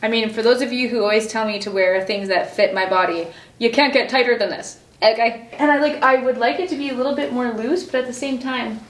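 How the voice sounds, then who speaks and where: Woman beauty vlogger, casual and effusive to camera, recorded in an echoey room. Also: on the high side. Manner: chatty and effusive, gushing, with many likes and quick asides. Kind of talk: casual vlog chatter to camera. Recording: roomy echo, faint noise.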